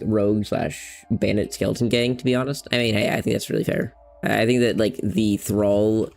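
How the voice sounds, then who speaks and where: A man's voice: fairly low pitch, vocal fry, a little mellow. A man giving rambling, playful gameplay commentary at a desk mic, chatting to his cats between moments in the game. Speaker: gamer.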